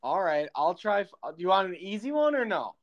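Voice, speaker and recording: On a muffled recording, a young man with a high, very animated voice talks fairly quickly while co-hosting a podcast. He quizzes his partner in a teasing, casual chat and laughs often.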